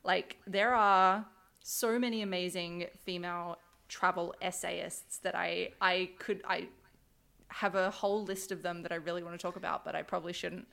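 A woman's voice: fairly low pitch, fairly even intonation, moderate pace, gravelly, a bit bright. A woman co-hosting a podcast, chatting casually and enthusiastically, with lots of "like" and "um.". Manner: enthusiastic, rambling, uses "like" and "um" a lot. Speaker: podcast co-host. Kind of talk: casual chat.

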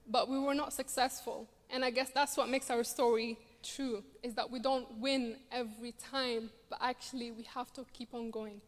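She talks at a normal speed with hardly any pauses, her voice on the high side and her intonation fairly even. In her twenties, from Somalia, and speaking with a Scottish accent, she is a refugee campaigner sharing her personal story earnestly and with dry humor on a theatre stage at a charity show, with a long theatre hall reverb.

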